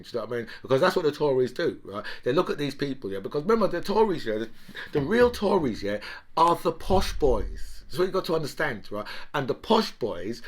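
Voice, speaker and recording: Rambling man ranting about politics. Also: medium pitch. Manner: rambling, full of "right?" and "you know", profane. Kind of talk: casual political rant.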